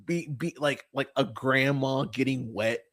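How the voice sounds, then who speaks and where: Here a young man's medium-pitched, slightly bright voice moves at a measured pace as he hosts a podcast about bad movies. The casual review chat is profane and meandering, thick with fillers, laughter, and swooping mock voices.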